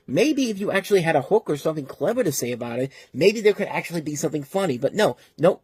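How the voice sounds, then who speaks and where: A man's voice: a little high, animated, quick pace, a little mellow, breathy edge, dry recording. A man giving a casual, exasperated movie review, rambling with frequent restarts. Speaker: film reviewer.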